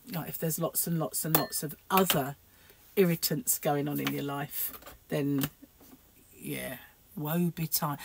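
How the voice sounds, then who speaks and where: A woman's voice: sits low, no echo. A middle-aged woman, chatting to camera in a rambling, self-deprecating way. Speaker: crochet vlogger. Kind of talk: casual chat to camera.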